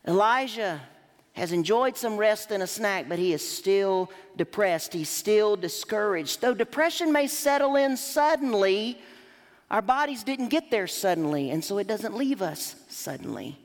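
A woman's voice: medium pitch, unhurried. A woman preacher delivering a sermon emphatically, rising and dropping her voice to drive points home. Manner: emphatic, lively rises and drops. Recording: long hall reverb.

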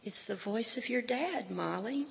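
A woman reading aloud and voicing a tender male God who answers gently and reassuringly, in a dull, echoey hall recording. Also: a little high, animated, a little slow, vocal fry, pitched above the performer's own voice, full character voice. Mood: gentle.

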